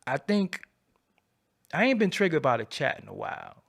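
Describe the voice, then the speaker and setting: A man hosting a livestream, ranting in a profane, animated, preaching way and repeating his phrases, swinging from low mutters to loud outbursts. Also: moderate pace, creaky, breathy edge. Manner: swoops between low mutter and loud high bursts. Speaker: livestream host. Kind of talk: unscripted livestream rant.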